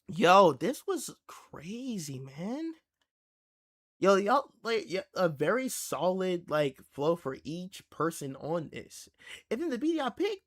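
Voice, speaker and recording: A young man hosting a live reaction stream, talking in a casual, slangy and excitable way and laughing easily. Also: sits high, slow pace. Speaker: livestream reaction host.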